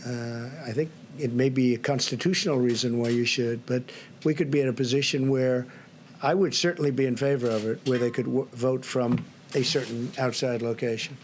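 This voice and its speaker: A man's voice: mid-range voice, steady tone, fairly quick, a little hiss or hum. An older man giving remarks at a press briefing, rambling and repetitive, piling on superlatives. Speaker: briefing speaker at press podium.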